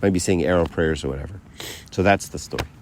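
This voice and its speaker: A man's voice: low voice, fast talker, darkish tone, slight background noise. A man giving a casual spiritual talk to a group, telling stories with lots of "right?" and "you know". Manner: conversational, many fillers and asides like "right?"; tells stories by acting out quotes. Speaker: speaker giving a faith talk.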